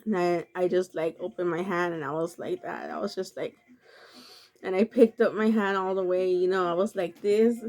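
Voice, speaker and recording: A woman's voice: lowish voice, steady tone, moderate pace, darkish tone. A woman vlogger telling a personal story in a casual, earnest, confessional way, with many filler words.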